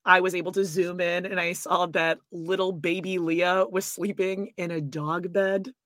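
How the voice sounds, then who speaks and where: A woman's voice: on the low side, flat delivery, unhurried, a bit bright, no echo, studio quality. A woman co-hosting a podcast in casual chat, teasing and self-deprecating. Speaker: podcast co-host.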